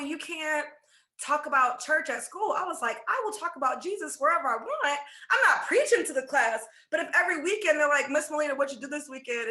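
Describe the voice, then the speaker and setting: A woman faith coach telling stories in a casual interview, animated and laughing, acting out dialogue. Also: on the high side, reverberant. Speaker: podcast guest, faith coach.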